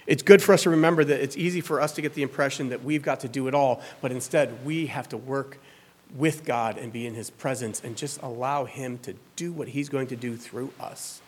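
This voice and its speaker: A man's voice: mid-range voice, brisk, husky. A man preaching a sermon in an earnest, conversational way, with fillers and rhetorical questions. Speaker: pastor.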